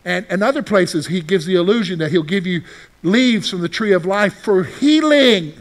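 A man preaching a sermon with a high, lively voice that rises and falls widely. He keeps turning to the congregation with rhetorical questions. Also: normal speed. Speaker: pastor.

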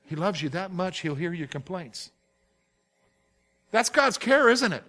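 High, bright-voiced male preacher. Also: big pitch swings, measured pace. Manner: emphatic, asks listeners direct questions. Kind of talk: sermon.

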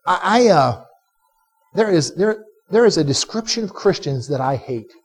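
A male pastor preaching a sermon to a live congregation, animated and conversational, quizzing listeners to answer back. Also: sits high, moderate pace, faint music behind. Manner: direct, conversational asides to the listeners. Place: church service before a live congregation.

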